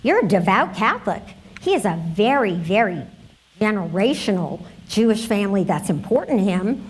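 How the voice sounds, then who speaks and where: A woman's voice: medium pitch, sing-song, moderate pace, breathy edge. A woman giving a conference workshop talk, conversational and telling stories straight to the audience. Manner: storytelling, conversational, addresses audience directly. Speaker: conference presenter.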